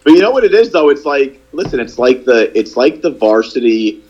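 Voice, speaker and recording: A man's voice: medium pitch, sing-song, moderate pace, a little mellow, husky, highs cut off. A man in a casual chat over a video call, rambling and restarting his sentences and swearing casually as he talks. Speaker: podcast co-host and youth football coach.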